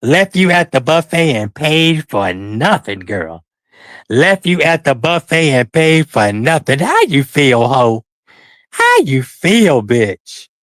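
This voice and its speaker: A man's voice: fairly high pitch, lively intonation, measured pace, fairly bright tone, dry recording. Man ranting, profane and taunting. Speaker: streamer. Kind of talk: livestream commentary.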